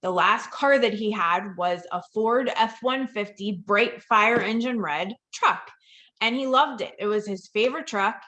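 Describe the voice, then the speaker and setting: A woman's voice: mid-range voice, unhurried. A woman speaking over a video call as she tells a story from her work in dementia care. Her voice sits in a middle range, and she voices the people in the story as she goes. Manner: lively storytelling that acts out quoted dialogue. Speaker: dementia care professional and presenter. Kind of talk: storytelling presentation.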